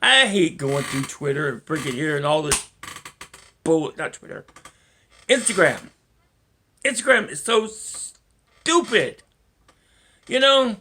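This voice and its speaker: A man talks alone to camera, drifting from point to point with frequent cursing and little laughs. His delivery is unhurried and drawn out, with a bright tone and a pitch that swings widely. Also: expressive, a little hiss or hum. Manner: rambling, profane, chuckling to himself. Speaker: vlogger. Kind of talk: rambling solo monologue.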